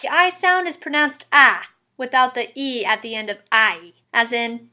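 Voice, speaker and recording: A woman's voice: high voice, moderate pace, pushed and bright. A woman hosting a scripted, tongue-in-cheek tutorial in a playful, upbeat way. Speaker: tutorial host.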